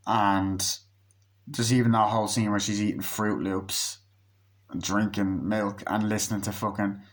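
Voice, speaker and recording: A man's voice: lowish voice, level tone, a little slow. Profane, rambling male movie reviewer. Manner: profane, rambling retelling full of "like" and acted quotes. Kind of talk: casual film plot recap.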